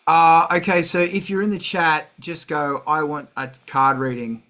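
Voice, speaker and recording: A middle-aged man hosts a casual livestream, talking slowly and swearing through a loose rant. His voice sits a little high, with a bright, forceful edge. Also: steady tone. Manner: profane, ranting, heavy swearing. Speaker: host of a music livestream.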